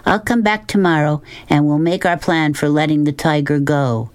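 A man voicing a fierce, bold young girl in a storybook reading, slow and insistent. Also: fairly high pitch, clean tone, pitched above the performer's own voice, natural voice.

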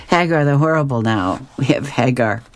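A man's voice: medium pitch, animated, unhurried. A man reading comic strips aloud, describing each panel and chuckling often. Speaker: reader.

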